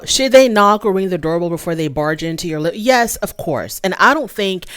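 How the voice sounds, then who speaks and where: A sassy woman gives her candid opinions while recapping a reality show in a casual, chatty way. Her voice sits a little low, and the recording is close and dry with no room sound. She talks with plenty of asides. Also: no room sound.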